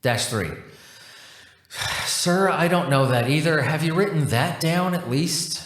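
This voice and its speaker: A man voicing a bored, weary non-human support agent who talks in a flat, procedural way. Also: a little high, measured pace. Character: bored, sour male cosmic support agent. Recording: roomy echo.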